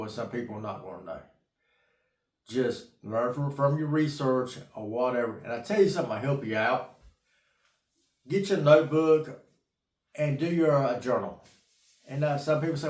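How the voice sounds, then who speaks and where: A man's voice: mid-range voice, reverberant. A middle-aged man rambling casually about investing, folksy and repetitive, tired from an early start. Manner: rambling, folksy, repeats himself, casual swearing. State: tired from getting up at 3 a.m. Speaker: investing vlogger. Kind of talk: rambling casual monologue to camera.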